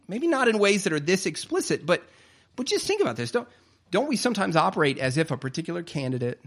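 A man preaches in an easy, conversational way. He keeps checking in with the congregation and often restarts a word before going on. His pitch rises and falls a lot while he talks. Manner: conversational preaching, frequent "right?" tag questions and repeated starts. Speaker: pastor. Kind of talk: sermon.

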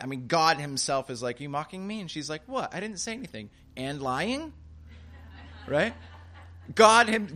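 Animated conversational preacher, man. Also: fairly high pitch. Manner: animated, conversational preaching with frequent rhetorical "right?"; repeats key phrases for emphasis. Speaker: pastor. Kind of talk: expository sermon.

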